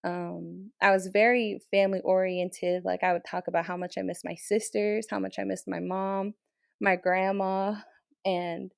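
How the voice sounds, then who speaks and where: A young woman, a military training instructor from the Navajo Nation, telling a story in an interview with emotional, animated retelling. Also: mid-range voice, measured pace, vocal fry, dry recording, clean studio sound. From Navajo Nation, Southwest US.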